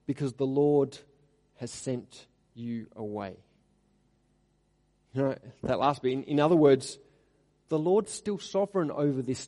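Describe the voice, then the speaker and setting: A man preaching an expository sermon, reading scripture aloud with rising emphasis and then dropping to quiet asides. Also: medium pitch. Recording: long hall reverb.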